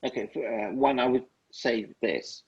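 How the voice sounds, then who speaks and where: A man as an interview guest, telling upbeat stories and giving slow, emphatic life advice. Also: medium pitch, gravelly, darkish tone, slightly rough, dull audio. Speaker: guest speaker. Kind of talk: casual interview chat.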